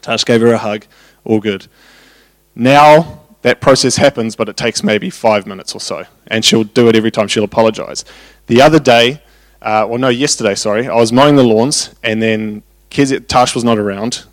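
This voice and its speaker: A man gives a sermon built on anecdotes about home life. His voice sits at an ordinary middle pitch. He turns animated when he acts out the scenes. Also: normal speed, no room sound. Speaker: preacher. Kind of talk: sermon with personal stories.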